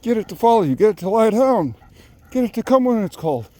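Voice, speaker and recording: Rambling, winded man with a mellow voice. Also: high-pitched, big pitch swings, quick pace. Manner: rambling, repeats and restarts words. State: out of breath. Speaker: dog trainer. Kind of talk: rambling talk to camera. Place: outdoors walking a dog.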